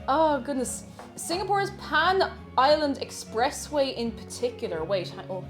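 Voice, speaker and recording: Woman streamer, chatty and giggly, slightly high voice, live from home kitchen with soft background music. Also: takes it slowly, pauses often. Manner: chatty and excitable, laughs often, greets viewers warmly. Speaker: variety streamer hosting a baking stream. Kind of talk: casual live-stream chat. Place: her own dim home kitchen.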